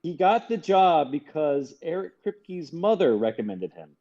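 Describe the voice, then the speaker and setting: A man co-hosting a casual podcast chat, relaxed and wondering aloud. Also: on the high side, measured pace, highs cut off. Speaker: podcast co-host.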